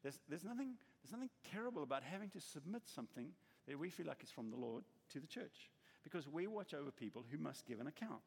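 A man's voice: fairly high pitch, quick pace, vocal fry, hardly any pauses, husky. A man preaching a sermon as a pastor, telling stories and acting out the people he quotes, in a church hall. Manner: animated storytelling, acts out quoted voices. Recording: echoey hall with long reverb.

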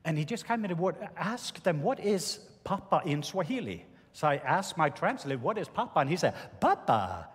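A man with a Norwegian accent preaching a sermon, telling a personal testimony in an earnest, halting way with many restarts. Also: a little high, expressive, breathy edge. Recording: reverberant hall.

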